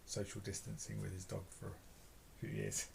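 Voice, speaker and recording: A man with a London accent and a low, gravelly voice chats in a casual home vlog. He rambles and hesitates over his words, with a faint hiss behind him. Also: flat delivery, normal speed. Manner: rambling, hesitant, filler-heavy. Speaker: vlog co-host. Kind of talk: casual chat.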